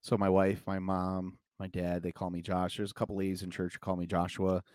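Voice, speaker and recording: A man's voice: low-pitched, completely flat delivery, fairly quick, a little mellow, no room sound, clean studio sound. A man who is a pastor, chatting casually and telling jokes in a playful way. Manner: joking storyteller, playful. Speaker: pastor, podcast guest. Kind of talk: casual chat.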